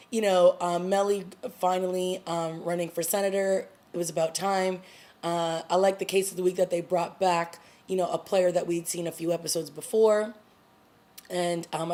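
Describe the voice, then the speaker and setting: A woman casually recapping a TV episode in a video review, talking expressively and acting out the characters' lines. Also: on the low side. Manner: animated, acts out characters' lines. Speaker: TV review vlogger.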